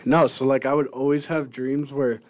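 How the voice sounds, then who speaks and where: A man's voice: mid-range voice, little pitch movement, normal speed, darkish tone. A young man co-hosting a casual podcast, telling profane, laughing stories and acting out the voices in them. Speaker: podcast co-host. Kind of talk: casual chat, storytelling.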